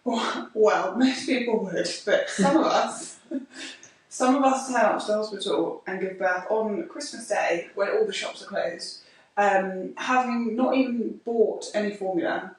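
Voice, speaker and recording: A woman, co-hosting a casual podcast chat as a mother, telling stories in an expressive, ranting way. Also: mid-range voice, a little slow. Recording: echoey room, mic far off.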